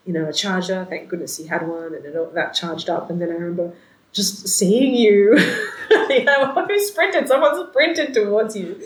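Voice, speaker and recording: A woman telling a story in casual chat, animated, laughing often and acting out the voices of the people she quotes. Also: medium pitch, moderate pace. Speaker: storyteller in a conversation. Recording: roomy echoey recording.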